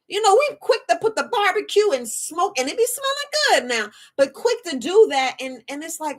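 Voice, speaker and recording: A woman hosts a casual livestream as an herbalist. She talks in an animated, chatty way, restarting her phrases and throwing asides to her viewers. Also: sits high, moderate pace. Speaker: herbalist host. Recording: phone on a livestream.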